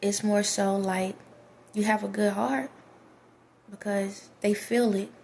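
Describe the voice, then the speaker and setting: A woman's voice: medium pitch, steady tone, slow pace, gravelly, a little mellow, slight background noise. A woman vlogger giving casual spiritual advice to her viewers, emphatic and preachy, often repeating herself.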